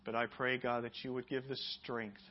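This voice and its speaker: A man preaching a sermon as pastor, building to loud, emphatic passages and dropping to quiet prayer. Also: flat delivery, moderate pace, highs cut off. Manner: emphatic preaching, rising loud and high on key points.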